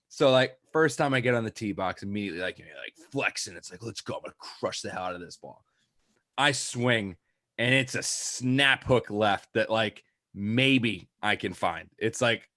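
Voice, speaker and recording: A man's voice: on the low side, a bit bright, no room sound, studio quality. A young man, a podcast co-host, telling a rambling casual anecdote full of "like" and quoted lines. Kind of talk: casual chat, storytelling.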